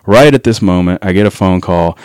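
A man with a low voice tells a rowdy, profanity-laced story in a relaxed chat. His delivery is loose and full of laughter. The sound is close and dry, with no room around it. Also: a little fast, smooth, no room sound. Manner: profane, laughing anecdote-telling. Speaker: guest. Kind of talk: casual storytelling.

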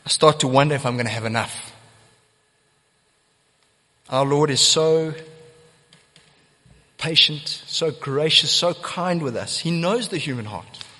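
A man's voice: on the high side, measured pace, pauses often, sharp tone. A man preaching a sermon as pastor, earnest and emphatic, repeating key phrases for weight. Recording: long church hall reverb.

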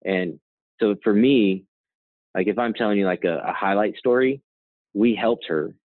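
A man's voice: fairly low pitch, normal speed, dry recording. A man who co-founded and runs a nonprofit, telling a story in a rambling, conversational way with frequent "right?" and "you know" asides. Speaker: nonprofit co-founder and CEO, guest. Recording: dry, tinny phone-like line.

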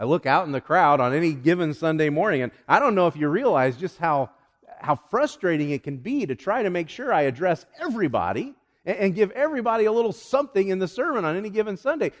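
Male pastor, slightly higher voice, lively sermon delivery with questions to the pews, reverberant church hall. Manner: animated, conversational preaching with questions to the congregation. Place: church sanctuary.

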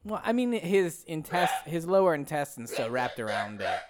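Jokey rambling dude in a sketch, voice bouncing all over. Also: male voice, a little high, big pitch swings, normal speed, a loud crowd. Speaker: comedy sketch regular. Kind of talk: improvised comedy sketch.

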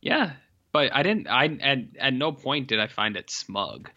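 A man's voice: mid-range voice, big pitch swings, a little slow, sharp tone. A man in casual chat as a podcast co-host, asking wry, teasing questions. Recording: dull lo-fi mic.

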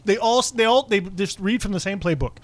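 A man's voice: high voice, fairly quick. A man co-hosting a podcast, chatting casually with strong opinions and jokes. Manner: opinionated, joking, frequent "yeah". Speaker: podcast co-host. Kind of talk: casual chat.

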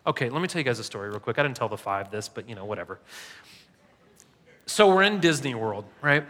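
Bright-voiced pastor in a reverberant hall. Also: male voice, mid-range voice, very animated, fast. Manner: conversational, self-deprecating, frequent tag questions. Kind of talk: sermon. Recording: long reverb in a large hall.

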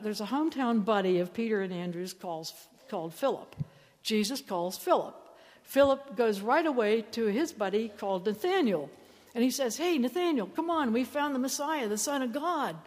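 A woman's voice: medium pitch, a little mellow. A woman delivers a sermon from the front of a church, with a storytelling manner. She playfully acts out lines from the story she tells. Her mid-range voice rings out with a long reverb through the hall. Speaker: preacher.

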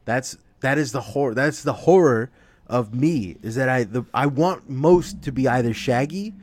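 A man hosting a podcast in casual chat, animated, swearing often and laughing a lot. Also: mid-range voice, measured pace, a little hiss or hum. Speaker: podcast host.

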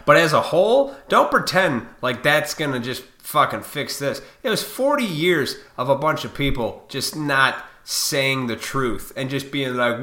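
A man in his forties rants to his viewers in a combative, profane monologue. His voice is bright and forceful. The recording picks up a noticeable echo from the room. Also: medium pitch, animated, measured pace, hardly any pauses. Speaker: vlogger. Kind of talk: ranting monologue to camera. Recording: echoey room.

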